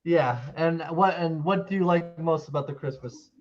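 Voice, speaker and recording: A man's voice: on the high side, normal speed, highs cut off. A man hosting a casual chat show, upbeat and laughing easily, asking rambling questions. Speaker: host.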